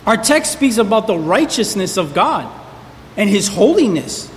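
Male pastor, emphatic sermon delivery, high voice, hall reverb, faint background hiss. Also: big pitch swings, measured pace. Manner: emphatic, repeats key words for stress.

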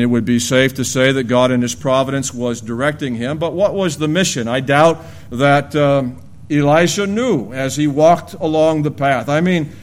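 Man preaching an earnest sermon. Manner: earnest preaching, rising to animated storytelling then dropping low and grave. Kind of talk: expository sermon.

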